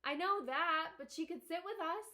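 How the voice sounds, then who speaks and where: A woman's voice: very high-pitched, normal speed, sharp tone, voice pushed up. A woman reading aloud, voicing a bossy little farm girl who gives orders in a bratty, commanding way.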